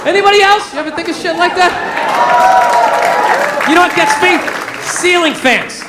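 A man from the American South doing a stand-up routine, telling stories in a loud, exasperated way. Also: extremely high pitch, moderate pace, over a noisy crowd, heavy background noise. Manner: loud, exasperated storytelling with rants. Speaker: stand-up comedian. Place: comedy club stage. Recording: echoey club with audience laughter. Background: audience laughing.

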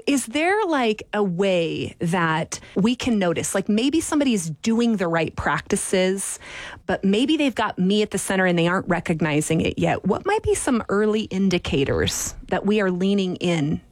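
A woman's voice: mid-range voice, big pitch swings, normal speed, no echo. A woman hosting an interview, engaged and affirming, asking follow-up questions. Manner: engaged, affirming, laughs easily. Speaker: interview host. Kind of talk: conversational interview.

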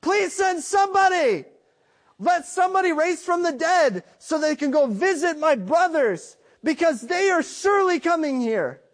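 A tormented rich man pleading desperately, as a preacher puts him on mid-sermon. The voice climbs high and tight. Each plea is slow and begging. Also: animated, a bit bright, heavily acted.

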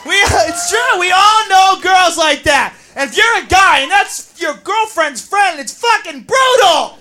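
A man's voice: extremely high pitch, expressive, a little slow, pushed and bright, a faint crowd. A man doing a crude, profane stand-up set. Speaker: stand-up comedian.

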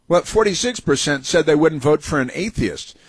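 A man's voice: on the high side, expressive, moderate pace, slightly rough, dry recording. A man hosting a talk radio show, delivering a rambling, sarcastic monologue full of fillers and restarts.

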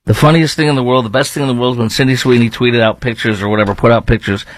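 A man hosting his own podcast, giving animated, mocking commentary and laughing between remarks. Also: medium pitch, rapid-fire. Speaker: podcast host. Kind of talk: opinionated commentary.

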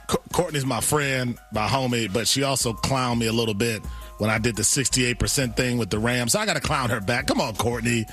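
Bright-voiced playful co-host man. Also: mid-range voice, a little fast, soft background music. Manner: playful, hedging, self-deprecating. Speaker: sports radio co-host. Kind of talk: casual sports talk.

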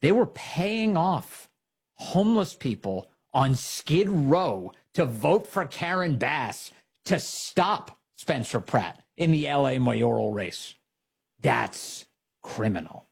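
A man's voice: fairly high pitch, very animated, takes it slowly, creaky, breathy edge. A man hosting a political talk show, delivering indignant commentary full of sarcastic rhetorical questions.

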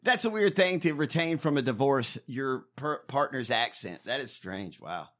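A man co-hosting a comedy podcast, talking in a loud, profane, ranting way. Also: medium pitch, expressive, normal speed. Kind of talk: casual profane comedic chat.

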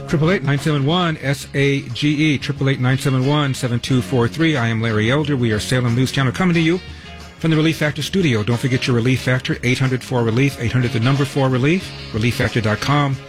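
A man's voice: medium pitch, fast talker, music in the background. A man hosting a talk radio show, delivering news headlines with wry, sardonic asides. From Los Angeles.

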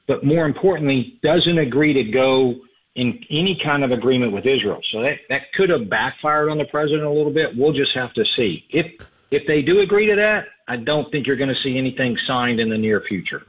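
An older man, a retired officer, explaining events as a guest in a radio interview, measured and explanatory with some restarts. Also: mid-range voice. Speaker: guest analyst by phone. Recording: phone line.

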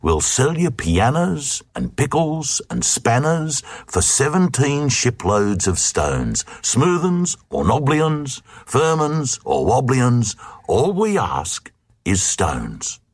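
A man's voice: big pitch swings, slow pace, few pauses, no echo. A man playing the wheedling Oggs traders. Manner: seductive sales pitch. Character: crafty foreign traders, the Oggs, wheedling sellers.

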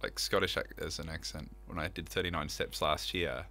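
A man's voice: a bass voice, fairly even intonation, fairly quick, pushed and bright. A man talking about his theatre production in a casual interview, earnest and enthusiastic, with many fillers. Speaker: theatre director, guest.

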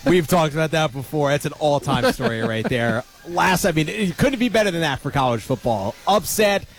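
A young man with a slightly high voice co-hosts a sports radio show. He talks in a casual, enthusiastic way and leans hard on the high points as he retells a story. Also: expressive, normal speed.

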